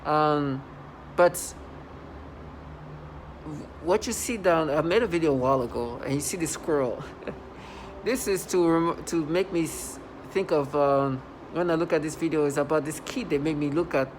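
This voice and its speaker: A man talking in a rambling vlog monologue, halting and restarting, with sudden loud agitated outbursts. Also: fairly high pitch, a little hiss or hum, poor audio. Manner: halting, many restarts and fillers. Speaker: vlogger.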